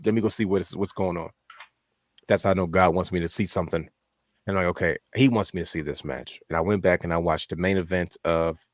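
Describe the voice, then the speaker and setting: A man co-hosting a wrestling podcast, telling stories in a lively way and acting out his own reactions. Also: low voice, dry recording, studio quality. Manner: animated storyteller, acts out his own thoughts. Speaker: podcast co-host. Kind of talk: casual wrestling chat.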